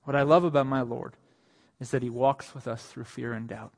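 A male pastor preaching a sermon. His voice swells to emphatic peaks on quoted lines and sinks soft and low when he speaks of his own need. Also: steady tone, moderate pace, gravelly, big-room sound. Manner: rises to emphatic, raised delivery on quoted lines, then drops soft and low.

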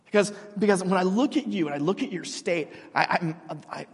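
A man in his thirties delivers a sermon in a relaxed, humorous way, often restarting his sentences. His voice sits a little high and sounds husky. Long reverb from a large hall trails behind every phrase. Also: fairly quick. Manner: casual, joking storytelling with many restarts. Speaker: pastor.

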